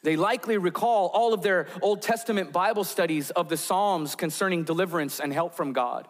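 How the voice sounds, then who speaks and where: A pastor speaks a little fast as he preaches, his somewhat high voice ringing out with long reverb across a large hall. He walks listeners through vivid imagined scenes to build tension.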